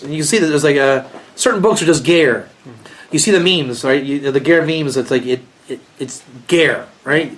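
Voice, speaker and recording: A man, a rabbi, giving a rambling, joking informal lecture to a small group and asking them questions. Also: mid-range voice. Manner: rambling, joking, animated, asks the audience questions.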